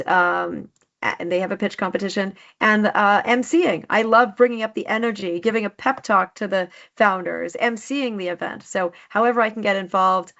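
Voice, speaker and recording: A woman speech coach appears as a podcast guest in a casual interview, speaking enthusiastically with many restarts and fillers. Her voice is mid-range and a bit bright, and the recording's highs are cut off.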